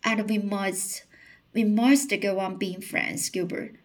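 A woman reading the part of an earnest, emotional young woman in a storybook, in a slow, halting way with restarts. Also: mid-range voice, fairly even intonation. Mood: pleading.

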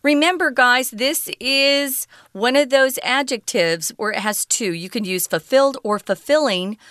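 A woman explaining English word usage in a relaxed, conversational lesson with frequent fillers. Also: on the high side, smooth, no room sound, studio quality. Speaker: English teacher.

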